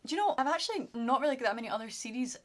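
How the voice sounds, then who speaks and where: A woman's voice: sits high, lively intonation, rapid-fire, a bit bright. A young Scottish woman chatting casually to camera as a vlogger, gushing about her favourites with lots of fillers. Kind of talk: casual chat.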